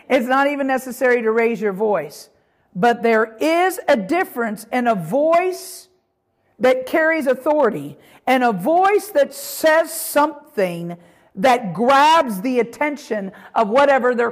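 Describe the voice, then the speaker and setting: Higher-voiced woman teaching scripture. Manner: conversational, with frequent fillers and asides. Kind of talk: teaching a Bible lesson.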